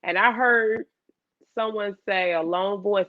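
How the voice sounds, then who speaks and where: A woman guest in a casual chat, telling an animated story and acting out her own past lines. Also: medium pitch, measured pace, no room sound, lo-fi sound.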